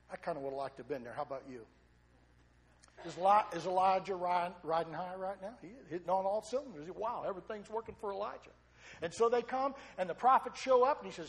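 A man preaching a sermon, retelling a story with lively repetition and questions to the congregation. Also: sits high, fast talker.

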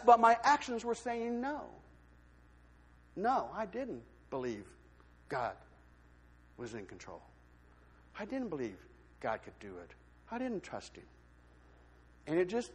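Animated man preaching in a reverberant church. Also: very high voice, breathy edge. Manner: animated storytelling, acts out quoted voices. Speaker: lay speaker giving a testimony in church. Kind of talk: sermon testimony. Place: church sanctuary. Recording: long hall reverb.

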